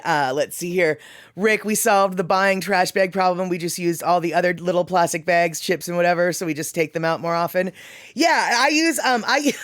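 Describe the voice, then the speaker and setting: A woman's voice: on the low side, a bit bright, no room sound, clean studio sound. A woman hosting a casual livestream, reading viewer comments aloud and chatting with frequent laughs and rambling asides. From Pacific Northwest, US. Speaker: livestream host.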